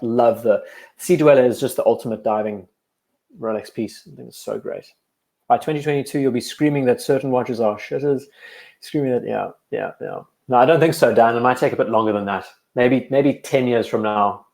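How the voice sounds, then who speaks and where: A young man with a blend of South African and English accent, hosting a live stream and chatting casually with viewers in a rambling, relaxed way from an echoey room. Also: on the low side. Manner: relaxed, rambling, answers chat questions between watch remarks. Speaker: watch channel host on a live stream.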